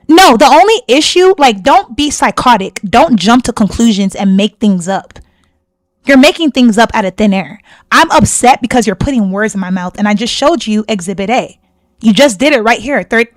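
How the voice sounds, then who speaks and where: A fairly high-pitched woman hosts a reaction video, confronting someone with indignant, heated commentary. She hammers her points home by repeating them. Her voice sounds dry and close to the mic. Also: no room sound. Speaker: reaction channel host.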